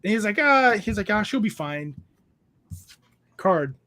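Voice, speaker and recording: A man hosting a podcast who tells stories in a casual, animated way and acts out what people said. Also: high voice, brisk. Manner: animated, acts out quotes with a raised voice. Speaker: podcast host. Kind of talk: casual chat, storytelling.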